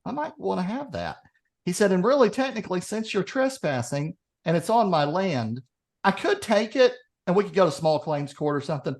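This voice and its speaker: A man's voice: high voice, a little fast. A man, co-hosting a podcast, telling a long joke and acting out its characters. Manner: animated storyteller, acts out characters. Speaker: podcast co-host. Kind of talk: casual chat, telling a joke.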